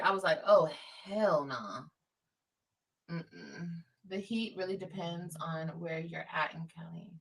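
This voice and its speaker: A chatty woman from Los Angeles talks on a livestream, hammering her points home again and again. Her voice is bright and a little low-pitched. She sits back from the mic, so she sounds distant. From Los Angeles, California. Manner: chatty, emphatic, repeats points. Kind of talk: casual livestream chat.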